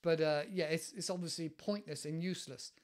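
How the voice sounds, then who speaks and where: A man's voice: on the high side, fairly even intonation, a little fast. A man with an English West Country accent who hosts a casual podcast lesson, explaining idioms in a chatty, digressive way and laughing often. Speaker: English teacher and podcast host.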